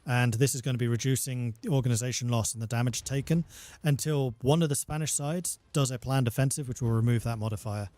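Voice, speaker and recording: Male game dev, livestream explainer, steady and plain-voiced. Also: mid-range voice, quick pace, few pauses, no echo. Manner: patient, step-by-step explanations. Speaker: game developer.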